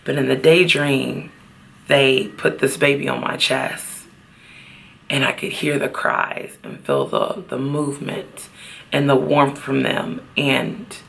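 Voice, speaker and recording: A woman talking in a personal vlog outdoors at a beach, halting and heartfelt, at times close to tears. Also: very deep voice, expressive, creaky, fairly bright tone, slight background noise. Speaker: vlogger.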